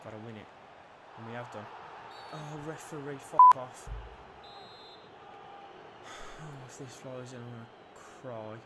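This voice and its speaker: A young man commentating his own football video game match, nervy and swearing, bursting into shouts at big moments. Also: mid-range voice, normal speed, very noisy. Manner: nervous, swearing, erupting into shouts at goals. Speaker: gaming YouTuber. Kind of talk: live gameplay commentary.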